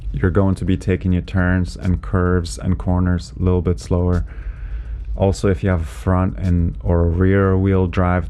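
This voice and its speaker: A man who is a driving instructor, explaining winter driving in a relaxed, chatty way from inside his car, with lots of "you know" and "right?". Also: low-pitched, vocal fry. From Canada. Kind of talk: casual instructional commentary while driving.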